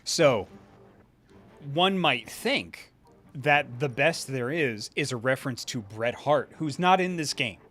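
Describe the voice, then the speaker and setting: Bright-voiced playful man. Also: mid-range voice, a little slow, hardly any pauses. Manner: playful, rambling asides. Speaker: co-host. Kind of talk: casual game stream chat.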